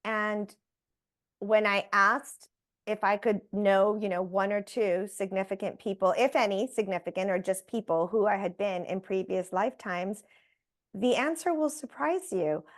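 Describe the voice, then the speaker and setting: A woman, a guest on an interview show, telling a personal story in a lively way and acting out the voices she quotes. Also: mid-range voice, measured pace. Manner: animated, acts out quoted voices.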